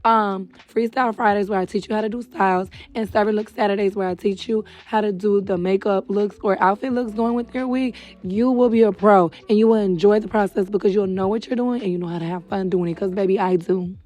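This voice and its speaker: A young adult woman hosting a casual wig tutorial, chatty and friendly with viewers, a little hoarse and short of breath. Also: medium pitch, fairly even intonation, a little fast, hardly any pauses, a little mellow. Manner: chatty, calls viewers girl and baby. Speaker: beauty supply wig stylist host. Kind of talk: casual tutorial talk to camera. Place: indoors at home.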